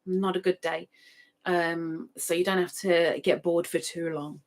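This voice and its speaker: A woman's voice: lowish voice, flat delivery, unhurried. A woman in middle age, hosting a casual live stream and reading out viewers' chat with playful, sing-song repetition of names. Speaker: livestream host.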